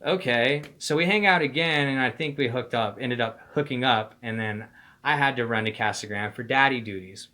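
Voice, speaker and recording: A man's voice: mid-range voice, normal speed, bright, forceful tone. A young man telling a personal story in a casual monologue, with slangy, profane talk full of "like", "dude" and "bro".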